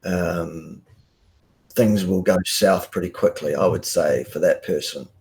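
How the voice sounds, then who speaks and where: Very deep-voiced blunt New man. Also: measured pace, a little mellow, a little hiss or hum. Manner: vehement and blunt, many ums and restarts. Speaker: guest scientist on a live stream. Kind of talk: casual live-stream talk.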